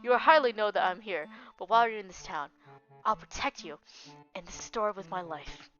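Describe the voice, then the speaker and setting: A woman's voice: mid-range voice, lively intonation, moderate pace, fairly bright tone, lightly acted. A woman putting on a solemn, devoted female knight. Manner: formal, archaic oath-swearing speech. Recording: dull lo-fi with faint music.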